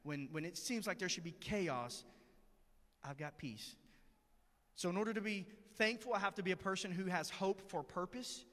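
Preacher with a slightly raised voice, reverberant hall. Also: male voice, high-pitched, normal speed, pushed and bright. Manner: storytelling, conversational and earnest. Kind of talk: sermon. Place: church sanctuary.

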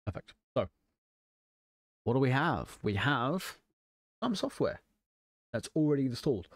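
A man hosting a casual software tutorial, walking through an install with wry, self-deprecating asides. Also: medium pitch, sing-song, unhurried, no room sound, studio quality. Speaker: tech channel host.

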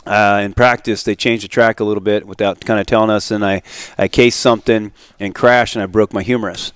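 Smooth-voiced man telling racing stories. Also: fairly low pitch, a little fast, no echo. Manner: animated storyteller, acts out quoted dialogue, laughs often. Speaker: guest, retired motocross racer. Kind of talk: casual storytelling interview.

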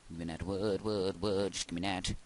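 A man's voice: low voice, fairly even intonation, moderate pace. A young man rambling goofily to himself while commentating his game at home. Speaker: gaming video host. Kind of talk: casual let's-play commentary. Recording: heavy background noise hiss.

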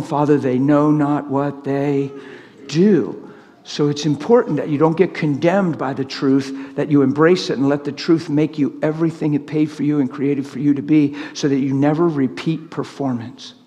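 A middle-aged man preaching a sermon in a church, telling stories and acting out the people in them. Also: on the high side. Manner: animated storytelling, acts out quotes. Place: church hall. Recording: long echoing church reverb.

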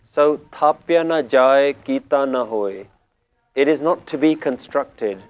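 A man teaching Sikh scripture, explaining word meanings calmly and deliberately, repeating key phrases. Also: mid-range voice, clean tone, narrow, tinny audio, soft background music. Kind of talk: slow spiritual explanation.

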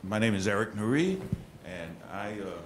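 Deep male audience questioner, halting; roomy hall, noisy. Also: sing-song. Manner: measured, hesitant with fillers. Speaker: audience member asking a question. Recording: roomy hall with background noise.

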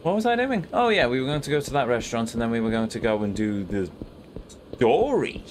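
A man's voice: mid-range voice, very animated, fairly quick, slight background noise. A man giving let's play commentary as a gaming host, with dry self-mocking asides. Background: game music.

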